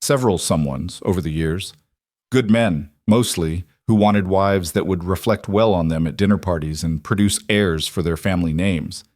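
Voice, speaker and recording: Man reading young woman scientist, frank, measured, storybook, lowish voice, dry sound. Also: darkish tone, no echo. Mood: earnest. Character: sharp-minded young female scientist, frank.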